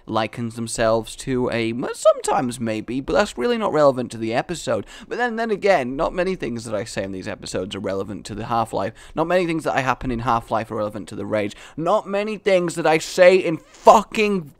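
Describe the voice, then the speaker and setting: A man's voice: mid-range voice, sing-song, fairly quick, few pauses, no echo. A man giving rambling, silly, self-mocking gameplay commentary. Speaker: game commentator.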